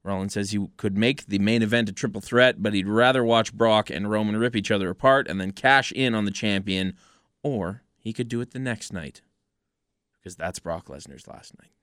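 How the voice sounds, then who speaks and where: A man with a lowish voice hosts a casual podcast, talking in a relaxed and easygoing way. He recaps from notes and adds joking asides. The sound is dry and close. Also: normal speed, smooth, no echo. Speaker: podcast host. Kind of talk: casual wrestling podcast chat.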